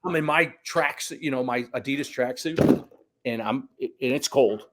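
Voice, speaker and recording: Middle-aged man, high school soccer coach, casual storytelling, acts out dialogue, salty language. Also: moderate pace, noisy background. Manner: animated storyteller, acts out quotes, swears.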